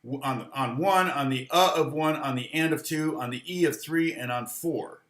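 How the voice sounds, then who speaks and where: A man's voice: fairly high pitch, moderate pace, fairly bright tone, roomy sound. A man teaching guitar in a loose, rambling live lesson, humming rhythms aloud between explanations.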